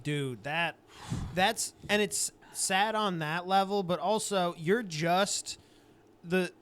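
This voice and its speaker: Laid-back high-voiced co-host. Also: male voice, takes it slowly, a bit bright, clean tone. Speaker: podcast co-host. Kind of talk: casual podcast chat.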